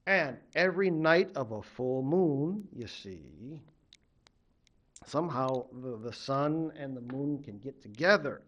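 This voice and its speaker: A man from a Native American tribe, a college literature instructor telling a legend in an animated lecture, acting out the characters. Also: mid-range voice, slow, lo-fi sound. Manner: animated, acts out the characters' voices. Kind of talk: storytelling lecture.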